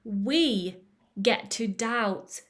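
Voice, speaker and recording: A woman's voice: fairly high pitch, animated, drawn-out words, a bit bright. A woman hosting a motivational podcast, talking emphatically, swearing freely and laughing at herself. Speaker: podcast host. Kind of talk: casual motivational podcast talk.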